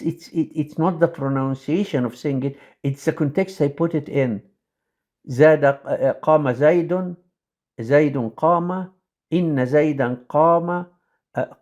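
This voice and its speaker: Halting male lecturer with many fillers. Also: on the high side, darkish tone. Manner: says example sentences quickly. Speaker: teacher.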